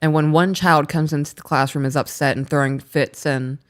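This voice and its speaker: A woman in her thirties, co-hosting a casual chat and telling a story in an animated way, laughing as she talks. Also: deep voice, normal speed. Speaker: podcast co-host.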